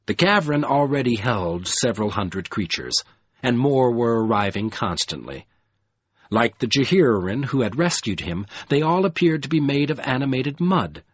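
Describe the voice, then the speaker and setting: A man narrates a fantasy audiobook with a husky voice and a lively, rising and falling reading. The recording is dry and a little dull, as if made close up in a small home setup. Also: mid-range voice, normal speed, dry recording. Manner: expressive, dramatic reading.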